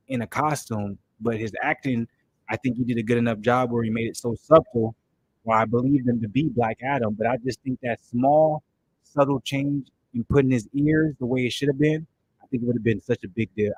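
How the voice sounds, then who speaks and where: A man's voice: mid-range voice, darkish tone, a little hiss or hum, rough recording. A man hosting a casual movie reaction, chatting with enthusiasm and talking straight to his viewers. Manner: enthusiastic, loose and chatty, talks to viewers directly.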